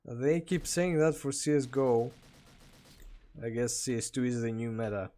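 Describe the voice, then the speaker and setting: A man's voice: medium pitch, measured pace, dark tone. Chatty Greek man streaming. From Greece. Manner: chatty, laughs often, answers chat. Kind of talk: casual live-stream chat while gaming.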